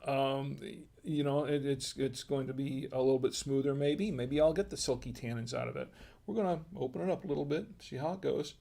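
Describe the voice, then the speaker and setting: Host, male, gravelly voice, rambling live-stream tasting chat, pokes fun at himself. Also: medium pitch, dark tone. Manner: rambling and halting, with self-deprecating humor.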